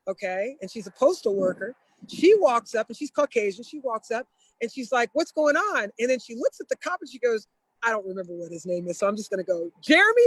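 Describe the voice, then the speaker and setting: A woman guest telling a story in a casual, lively way, laughing often and slipping into the voices of the people she quotes. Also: fairly high pitch, slightly rough, dry recording, poor audio.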